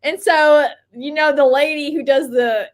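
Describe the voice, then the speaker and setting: A woman's voice: high-pitched, steady tone, a little slow. A woman co-hosting a casual livestream, chatty and giggly, rambling through stories with lots of laughter. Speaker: livestream co-host. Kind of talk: casual live chat.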